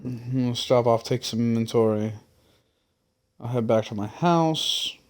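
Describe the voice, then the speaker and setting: A tired young man streams a game, yawning and rambling through casual gameplay commentary full of fillers and offhand swearing. His voice is medium-pitched and a little slow.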